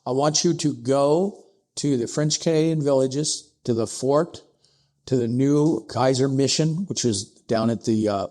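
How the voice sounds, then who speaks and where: A man telling a historical story as a podcast guest, acting out the dialogue with sudden rises in pitch. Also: unhurried, a little mellow. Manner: acts out dialogue with pitch jumps, asides like "I'm paraphrasing". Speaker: podcast guest, distillery co-founder.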